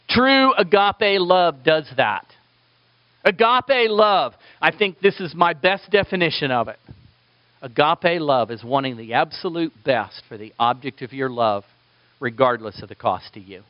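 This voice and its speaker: A man preaching a sermon in a fairly high voice, jumping between emphatic, raised lines and hushed asides. The sound is dry and a little dull, with no room echo. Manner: animated preaching with sudden loud and soft turns, playful asides to the congregation. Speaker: pastor.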